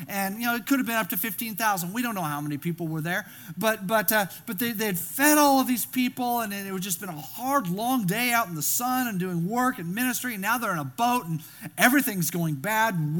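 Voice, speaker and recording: A man preaching a sermon, animated and storytelling, acting out scenes and often restarting his words. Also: high voice. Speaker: pastor.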